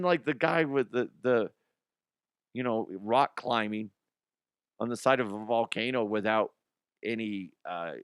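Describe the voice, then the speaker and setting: A man's voice: medium pitch, fairly bright tone, clean tone, no room sound, studio quality. A middle-aged man hosting a comedy news show, ranting crudely about odd stories with mock outrage and mumbled asides. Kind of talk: profane comedic news commentary.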